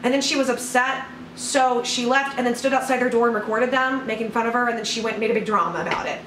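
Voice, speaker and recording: A woman's voice: a little high, steady tone, fast talker, a bit bright, roomy sound, far from the mic, slight background noise, poor audio. A woman hosting, giving gossipy casual commentary before playing a clip. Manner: chatty and gossipy. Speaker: host introducing clips.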